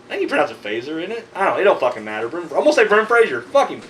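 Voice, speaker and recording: A man talks in a casual video rant, swearing freely and rambling from point to point. His voice sits high and swings widely in pitch. He sounds tired and worked up. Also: racing, slight background noise, rough recording. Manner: profane, rambling, animated ranting. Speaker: horror movie vlogger.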